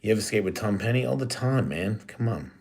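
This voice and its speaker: A man's voice: on the low side, lively intonation, fairly quick, darkish tone. A middle-aged man hosting a live stream, chatting casually with his viewers in a rambling, joking and profane way. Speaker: live-stream host answering chat.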